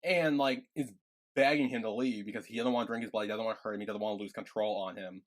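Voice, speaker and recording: A man's voice: fairly low pitch, fairly even intonation, quick pace. A young man co-hosting a podcast, retelling scenes from a series in a loose, filler-heavy way. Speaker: podcast co-host. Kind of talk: casual recap chat.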